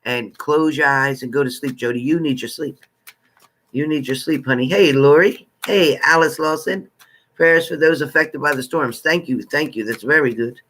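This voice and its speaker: A chatty man hosting a live tarot stream, his voice sitting a little high and sounding bright and forceful. He talks casually to his viewers, greeting each one by name with familiar, friendly terms. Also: moderate pace.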